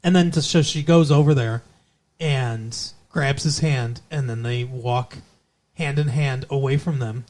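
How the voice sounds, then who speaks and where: A man's voice: medium pitch, measured pace, a little mellow. Rambling man recapping an episode. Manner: rambling with many fillers. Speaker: podcast co-host.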